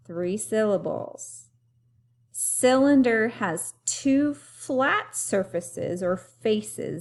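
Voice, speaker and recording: A woman teacher speaking to young children in an unhurried, deliberate way, spacing out her words. She has a middle-range voice and keeps stopping so the class can say words back after her. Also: medium pitch. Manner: slow, clearly paced teacher talk with call-and-repeat. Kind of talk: remote lesson for young children.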